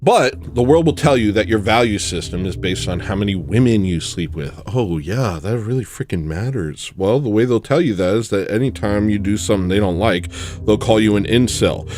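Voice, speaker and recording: A man ranting in a rambling, jokey monologue on a livestream, swinging from shouting to muttering. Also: fairly low pitch, expressive, moderate pace, a little hiss or hum. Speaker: livestream host.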